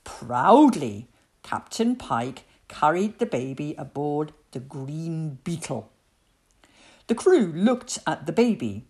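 A woman reading a children's storybook aloud in an expressive storytelling voice. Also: low-pitched. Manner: expressive, slow, lively storytelling.

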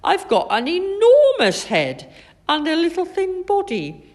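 A woman's voice: medium pitch, wildly swooping pitch, fairly quick, big-room sound, voice pushed up. A woman voicing a helpful young schoolboy who leads the way with confidence. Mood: laughing.

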